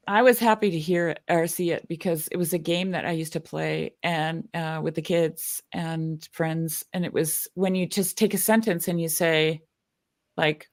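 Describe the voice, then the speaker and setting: A woman co-hosting a casual group discussion, chatty and quick to laugh as she tells anecdotes. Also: low voice, creaky. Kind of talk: casual group video chat.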